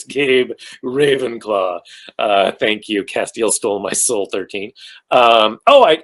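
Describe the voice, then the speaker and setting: A man's voice: lowish voice, fairly bright tone, poor audio. A man, an actor, answering fan questions on a virtual panel over a video call, rambling and joking at his own expense with many fillers. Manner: rambling, self-mocking, jokey, many fillers.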